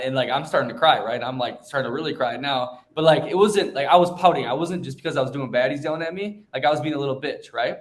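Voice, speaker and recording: A young adult man hosting a podcast, telling stories in a blunt, profane, animated way during casual chat. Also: medium pitch, fast talker, hardly any pauses. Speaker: podcast host.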